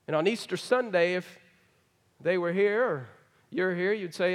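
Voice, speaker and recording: A middle-aged man preaching a folksy sermon, swinging from emphatic to hushed. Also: sits high, expressive, normal speed. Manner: folksy, rising to emphatic then dropping to hushed. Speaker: pastor. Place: large church hall. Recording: long hall reverb. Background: congregation.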